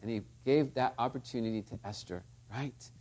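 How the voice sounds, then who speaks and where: A man's voice: mid-range voice, moderate pace, darkish tone. A man preaching a sermon, telling stories and asking the listeners rhetorical tag questions. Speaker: pastor.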